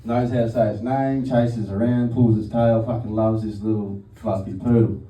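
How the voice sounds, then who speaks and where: Miked from afar in a noisy, echoey room, a man performs stand-up at a comedy venue, spinning crude, meandering stories and frequently laughing. He speaks at a moderate pace in a fairly low, mellow voice with fairly even intonation.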